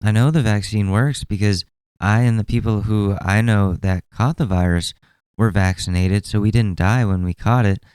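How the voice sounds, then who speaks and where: A young man in his twenties talks through a solo podcast episode in a loose, rambling way, swearing often and sounding fed up. His voice sits a little low and comes across smooth and mellow. The sound is close and dry. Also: steady tone, moderate pace, no echo. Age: 20s. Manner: rambling, exasperated, profane. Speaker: podcast host. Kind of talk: casual solo commentary.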